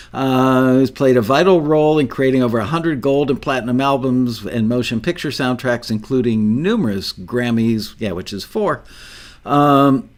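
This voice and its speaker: An older man hosting an interview podcast tells a long story in a rambling, self-deprecating manner, laughing often. His voice is medium-pitched.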